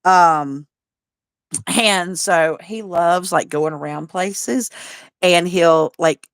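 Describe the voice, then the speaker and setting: A woman's voice: fairly low pitch, very slow, smooth, no echo. A woman, chatting casually and rambling as she hosts a livestream and answers viewer comments. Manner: rambling and chatty, with frequent restarts and a drawl. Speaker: livestream host.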